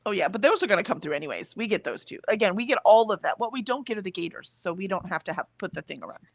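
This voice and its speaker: Woman co-host, casual chatty talk, animated pitch with some vocal fry, dry close sound. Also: very fast, no echo. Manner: chatty, laughs often. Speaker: co-host of a writing sprint stream. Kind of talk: casual chat.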